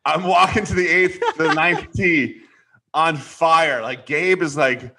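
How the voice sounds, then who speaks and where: A young adult man telling a story in casual chat. He is animated and acts out the quotes with big leaps up in pitch. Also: normal speed, hardly any pauses. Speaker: podcast host.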